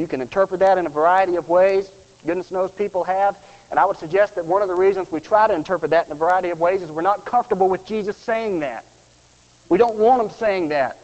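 A man preaching a funeral sermon with earnest feeling. He drops to a hush on tender lines. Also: high voice. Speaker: pastor. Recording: muffled, reverberant hall.

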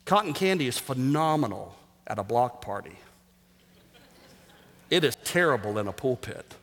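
A man preaching a sermon as pastor, energetic and jokey, sometimes rising almost to a shout for emphasis. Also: mid-range voice, normal speed. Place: church sanctuary. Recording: reverberant hall.

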